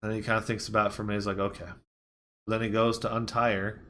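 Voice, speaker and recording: A man's voice: on the low side, little pitch movement, fast, bright, forceful tone, slight background noise. A man reviewing a movie, casually retelling the plot scene by scene in a rambling way. He quotes the characters conversationally and leans on "like" and "you know.".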